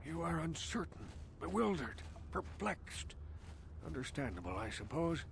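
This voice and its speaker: Ancient outcast elder, solemn and grand, slightly high voice, faint hiss under it. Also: male voice, very animated, measured pace, vocal fry, exaggerated voice. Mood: musing. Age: older. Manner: solemn, theatrical questioning. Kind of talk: video game voice acting.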